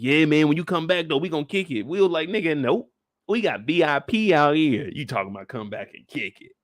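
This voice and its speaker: A man hosting a casual live after-show discussion, ranting comedically with heavy slang and swearing, and jumping into loud voices for the people he quotes. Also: fairly high pitch. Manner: animated, comedic rant with lots of slang and swearing. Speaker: show reaction host.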